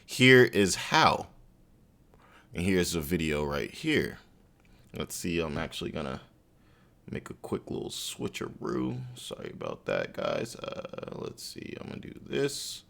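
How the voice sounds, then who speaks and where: A man's voice: very deep voice, wildly swooping pitch, measured pace, gravelly, a bit bright. Chatty man giving casual commentary. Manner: chatty, loose, repeats "you know what I'm saying". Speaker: business news commentator. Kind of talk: casual commentary reacting to a video.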